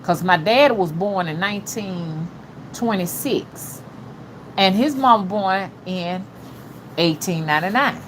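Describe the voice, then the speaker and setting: A woman's voice: mid-range voice, animated, slow pace, slight background noise. A middle-aged woman with an older-generation Alabama Southern accent, chatting casually with her livestream viewers in a folksy, repetitive way. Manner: chatty, folksy, repeats "you know what I'm saying". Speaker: spiritual rootworker host. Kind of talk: casual livestream chat reading viewer comments.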